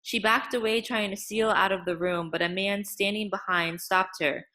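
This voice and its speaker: A woman reading a novel aloud as an audiobook narrator, in a measured, dramatic way. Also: mid-range voice, fairly even intonation, bright, forceful tone.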